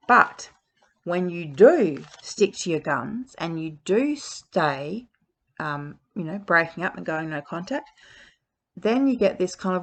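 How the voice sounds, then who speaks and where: A woman's voice: fairly low pitch, expressive, measured pace. A woman giving frank relationship advice in a casual talk, speaking bluntly with frequent fillers.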